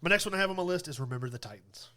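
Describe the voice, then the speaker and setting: A young man talks through favorite movie scenes on a podcast, laughing often and acting out the lines. His voice sits high and jumps around a lot. The tone is bright and pushed forward. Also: racing. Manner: animated, laughs often, acts out movie quotes. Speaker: podcast co-host. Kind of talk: casual chat about movies.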